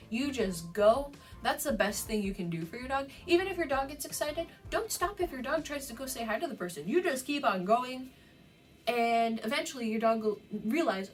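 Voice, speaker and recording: A woman's voice: a little high, moderate pace, recorded from a distance, faint music behind, low-quality recording. A young adult woman giving dog training advice in a casual vlog, chatty, with frequent laughs and fillers.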